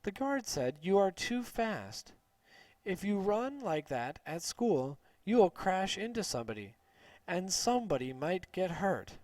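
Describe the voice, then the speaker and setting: A man's voice: high voice, big pitch swings, a little slow, darkish tone, no echo. Strict but kind school guard guy, man reading him, dry close sound. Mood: firm. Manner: firm, warning.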